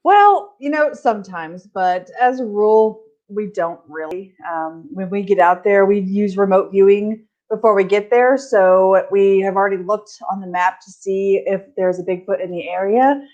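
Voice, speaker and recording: Calm Midwestern woman over a dull line. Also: medium pitch, normal speed, few pauses. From American Midwest. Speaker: guest, Bigfoot researcher. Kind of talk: casual chat. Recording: dull lo-fi remote audio.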